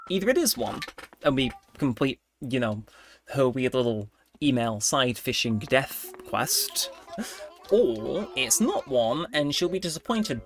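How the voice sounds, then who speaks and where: A man giving chatty, rambling commentary while playing a cozy life-sim game, thinking out loud. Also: medium pitch. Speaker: let's play host.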